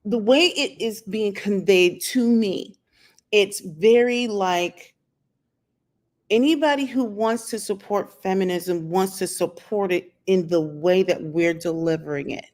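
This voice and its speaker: An opinionated woman talks into her camera outdoors in a casual vlog monologue. Her voice sits at an ordinary middle pitch for a woman. She challenges the viewer with pointed rhetorical questions. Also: a little slow, darkish tone. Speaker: channel host. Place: outdoors in sunlight.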